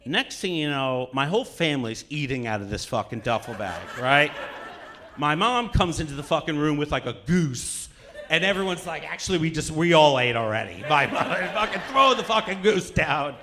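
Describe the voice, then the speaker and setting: A man's voice: on the high side, expressive, normal speed, a crowd in the background. A man telling a rambling, profane comic story live on stage, laughing as he goes. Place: on stage at a cultural center.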